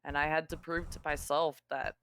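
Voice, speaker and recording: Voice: mid-range voice, flat delivery, fairly bright tone, a little hiss or hum, lightly acted. A player voicing a stammering lone fighter woman. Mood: confessing. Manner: halting, stammering confession. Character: guarded lone female fighter. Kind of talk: tabletop role-play.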